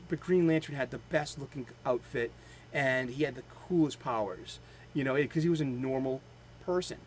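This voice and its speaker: A man's voice: mid-range voice, slight background noise, poor audio. Rambling Boston man talking comics. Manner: rambling, halting, with many fillers; enthusiastic fan. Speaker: host of a daily comics show. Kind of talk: casual chat.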